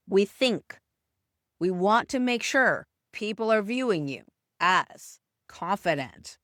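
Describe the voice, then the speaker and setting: A woman communication coach giving a motivational talk straight to the listener, with deliberate emphatic stresses. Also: mid-range voice, very animated, fairly bright tone, no echo, studio quality.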